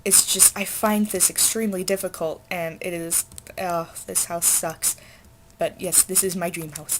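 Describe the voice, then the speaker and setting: A woman's voice: on the low side, fairly even intonation, unhurried, noisy background. A teenage girl chatting casually and rambling while she plays a game, with lots of fillers and asides. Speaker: gamer. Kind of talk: casual let's play chat.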